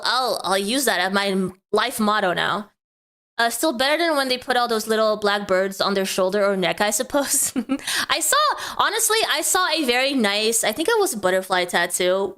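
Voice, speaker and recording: A woman streamer talks over clips with a bright, forceful tone and a fairly high voice. She reacts with teasing, sarcastic asides in a loose, chatty way. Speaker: streamer host. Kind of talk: reaction commentary.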